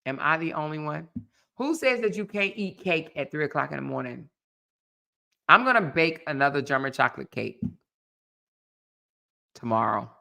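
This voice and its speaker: A woman's voice: low-pitched, expressive, normal speed, creaky, pauses often, bright, forceful tone. A woman, chatting casually and laughing with viewers on a livestream. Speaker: livestream host.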